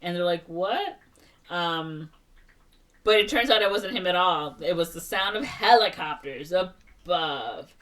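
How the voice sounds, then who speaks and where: A woman co-hosting a podcast, recapping a film in a casual, animated way and slipping in quick voiced impressions of the characters. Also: lowish voice, distant mic. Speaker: podcast co-host.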